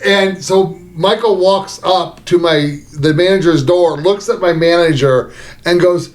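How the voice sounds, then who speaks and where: A man's voice: high voice, unhurried. A man co-hosting a podcast, telling a crude, joking work story in casual chat. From American South. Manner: crude, joking, acts out quoted voices. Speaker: podcast co-host.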